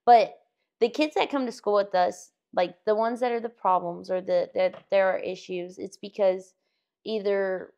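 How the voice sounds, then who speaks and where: Woman, gravelly voice, casual podcast talk, animated storyteller. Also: mid-range voice, measured pace. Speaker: teacher. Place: indoor podcast room.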